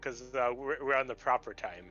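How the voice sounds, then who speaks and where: A man's voice: medium pitch, brisk, lo-fi sound, over music. A man from Wisconsin, friendly and easygoing, chatting casually during a game break. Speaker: tabletop game player.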